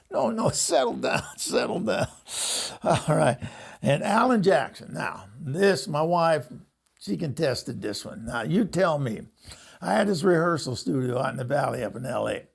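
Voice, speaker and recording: An older man with a gravelly, husky voice rambles through anecdotes, chuckling as he goes. He slips into other people's voices to act out what they said. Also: fairly high pitch, animated, measured pace. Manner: rambling, laughs often, acts out quoted voices. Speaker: host. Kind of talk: casual storytelling monologue.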